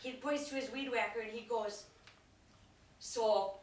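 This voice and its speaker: A woman's voice: on the high side, steady tone, a little slow, far from the mic, natural voice. A young woman with a Wisconsin accent playing a chatty, flustered witness testifying in court, rambling and giggling through her story. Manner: rambling, giggly, breaks into loud laughs. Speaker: comedic character monologue. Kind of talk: improvised comic monologue. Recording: roomy, off-mic with faint noise.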